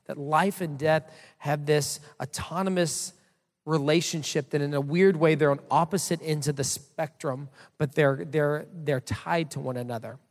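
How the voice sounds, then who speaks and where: A man's voice: on the high side, fairly even intonation, moderate pace. A man in his thirties preaching a sermon as pastor, telling a story in a casual, conversational way with many fillers. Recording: long hall reverb.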